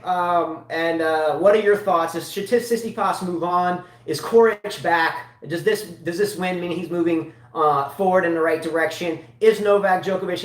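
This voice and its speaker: A man hosting a casual live tennis chat show, rambling with many restarts and rhetorical questions. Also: on the high side. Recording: roomy, mic at a distance.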